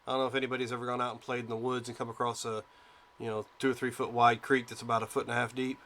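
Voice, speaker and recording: A man runs a tabletop role-playing session as game master. His voice is bright and forward, and he talks in a relaxed, halting way, full of fillers as he describes the scene. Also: mid-range voice.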